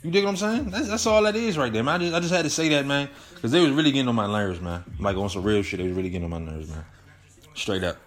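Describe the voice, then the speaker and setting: A man's voice: mid-range voice, animated, fast. Heated young man ranting over faint music. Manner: heated, profane, rambling rant with slang. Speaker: host. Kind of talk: casual solo commentary.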